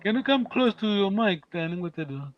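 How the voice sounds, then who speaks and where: A man teaching a language lesson online, patiently encouraging students and saying words slowly for them to repeat. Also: high-pitched, animated, dull audio, a little hiss or hum. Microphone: video call.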